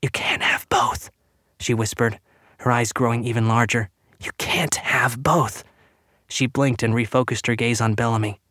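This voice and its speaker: A man's voice: mid-range voice, flat delivery, a little fast, fairly bright tone, no echo, clean studio sound, lightly acted. A man voicing a frightened, unraveling mother who mutters and whispers frantically. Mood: fearful whisper.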